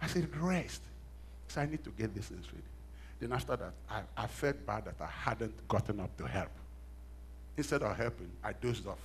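A middle-aged man preaching a sermon, telling stories with self-mocking laughs and swinging from hushed asides to loud emphatic bursts. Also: on the low side, lively intonation, normal speed, a little hiss or hum. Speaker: pastor.

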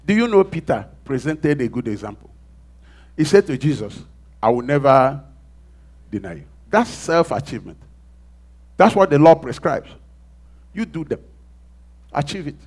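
A man preaching a sermon, dramatically acting out quoted voices and swinging from loud exclamations to hushed asides. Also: on the high side, big pitch swings, normal speed, pauses often.

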